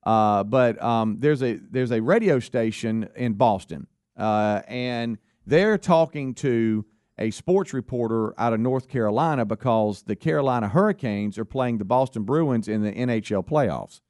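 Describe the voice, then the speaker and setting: A man's voice: mid-range voice, lively intonation, measured pace, a little mellow, no room sound, clean studio sound. Rambling radio co-host man. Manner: rambling, many fillers and restarts. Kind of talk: casual radio banter.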